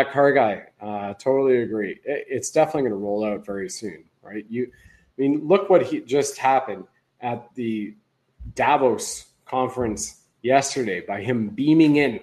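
Male livestream host, casual and rambling, average pitch, talks his way through his commentary. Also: darkish tone, low-quality recording. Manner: rambling, conversational, restarts often.

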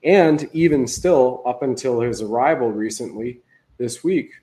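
Male livestream host, casual and rambling, average pitch, talks his way through his commentary. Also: measured pace, dark tone, rough recording. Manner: rambling, conversational, restarts often.

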